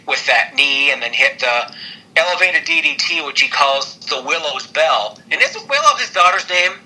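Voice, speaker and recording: A man with a very bright, slightly high voice chats through a wrestling recap, rambling and excitable, full of fillers and quick laughs. He sounds like a podcast co-host caught up in the moment. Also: poor audio. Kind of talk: casual wrestling recap chat.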